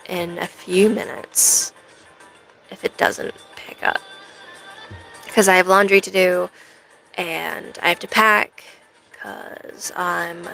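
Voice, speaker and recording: A woman's voice: on the low side, creaky, a bit bright, poor audio. A young American woman live streaming, chatting in a rambling way to her viewers. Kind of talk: casual chat to a live stream audience.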